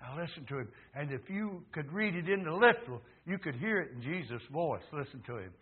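A man in his seventies preaching a sermon, emphatic, dropping to low murmurs and rising to loud fervent peaks. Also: lively intonation, brisk, slightly rough. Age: 70s. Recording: tinny phone-like recording.

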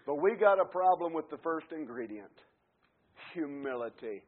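A man preaching a fervent sermon, dropping to quiet asides and then building to shouted climaxes. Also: on the high side, lively intonation, normal speed. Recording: tinny phone-like radio broadcast.

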